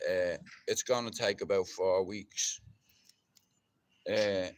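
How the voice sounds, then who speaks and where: A middle-aged Irish man chatting on a live stream, rough-spoken and swearing heavily, and loud and ranting once he gets fired up. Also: low voice, fairly even intonation, slow. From Ireland. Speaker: livestreamer. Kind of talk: casual live-stream chat.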